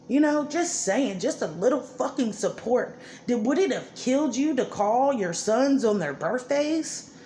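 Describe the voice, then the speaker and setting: A woman's voice: on the high side, darkish tone. A woman ranting angrily and profanely about her life and her children's father. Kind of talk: angry personal monologue. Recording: echoey room with faint background noise.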